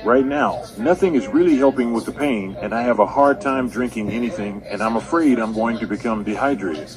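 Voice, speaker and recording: A synthetic male voice reading a recovery update in an even, flat manner. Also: mid-range voice, fairly quick, over music, rough recording. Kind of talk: read-out text narration.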